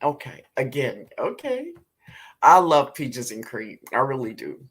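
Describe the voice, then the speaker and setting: A woman with a New Orleans accent hosting a live gardening show, reading viewer comments aloud in a relaxed way and calling people baby. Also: a bass voice, a little slow, slightly rough. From Louisiana, US. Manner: calls viewers baby, laughs often. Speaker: gardening livestream host.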